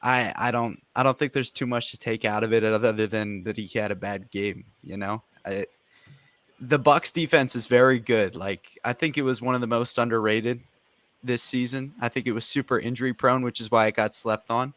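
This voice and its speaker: Male podcast guest, even-toned and measured, hedges his takes, dry room. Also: mid-range voice, no echo. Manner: measured, hedging analysis. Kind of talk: casual sports podcast chat.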